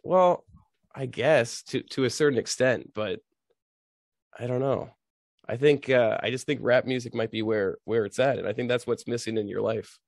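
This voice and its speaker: A man's voice: mid-range voice, moderate pace, vocal fry, no room sound, studio quality. A man co-hosting a comedy podcast, teasing and incredulous in casual banter, often breaking into laughs. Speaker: podcast co-host.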